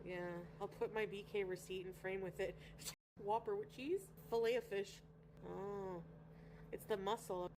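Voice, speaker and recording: A woman's voice: mid-range voice, steady tone, a little slow, darkish tone, a little hiss or hum. Chatty Canadian woman livestreaming. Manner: rambling, chatty, greets viewers by name. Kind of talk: casual livestream chat reading viewer comments.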